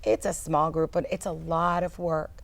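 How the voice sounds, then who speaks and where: Gravelly, low-voiced enthusiastic woman. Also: little pitch movement, normal speed, a crowd in the background. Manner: enthusiastic and affirming, with many agreeing interjections. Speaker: nurse educator. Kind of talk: panel discussion.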